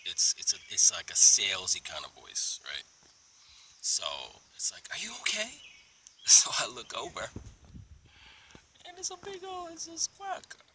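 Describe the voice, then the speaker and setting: Animated man with a sharp, tense voice. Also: mid-range voice, unhurried, long pauses, a little hiss or hum, low-quality recording. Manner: animated, drops into whispered asides. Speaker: vlogger. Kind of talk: casual storytelling to camera. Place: outdoors in a park under a tree. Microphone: phone held at arm's length.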